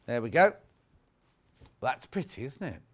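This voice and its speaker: A man's voice: mid-range voice, big pitch swings, a little slow, fairly bright tone. A man presenting fabrics on a live shopping channel, chatting and joking casually and reading out viewer messages. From United Kingdom. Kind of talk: casual live sales chat.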